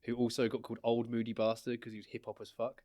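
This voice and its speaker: A man's voice: medium pitch, completely flat delivery, quick pace, warm tone, no echo, studio quality. Laughing man telling stories. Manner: storytelling, laughing, acts out quotes. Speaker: guest artist. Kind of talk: casual podcast chat.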